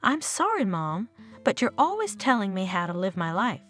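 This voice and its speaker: A woman's voice: mid-range voice, very animated, normal speed, fairly bright tone, soft background music. A woman reading the part of a resentful, short-tempered married man. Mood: angry. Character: irritable married man, grown son.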